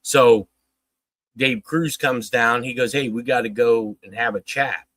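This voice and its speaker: Man, storyteller type, profane and animated, quotes everyone, mid pitch, dry close mic. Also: unhurried, no room sound, low-quality recording. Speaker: guest telling a story. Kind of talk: casual storytelling on a livestream.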